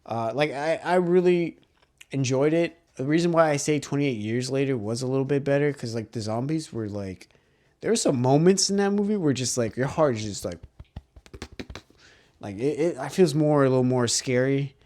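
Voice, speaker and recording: Casual male reviewer, average pitch, rambling and profane, dry recording. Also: moderate pace, darkish tone, no echo. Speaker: movie reviewer. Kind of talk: casual movie recap and review.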